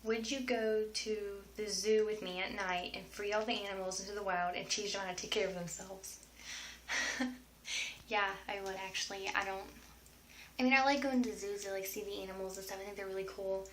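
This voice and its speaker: A woman's voice: medium pitch, steady tone, a little fast, slight background noise. A woman answering viewer questions in a casual, rambling vlog, sometimes dropping to a whisper. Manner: rambling, chatty, drifts into whispers at times. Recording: roomy echo.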